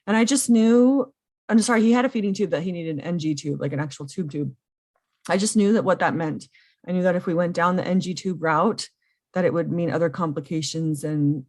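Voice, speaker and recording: A woman in her thirties telling a personal story earnestly, often pausing with ums. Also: sits low. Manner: earnest and emotional, with frequent ums. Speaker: podcast guest, foster and adoptive mother.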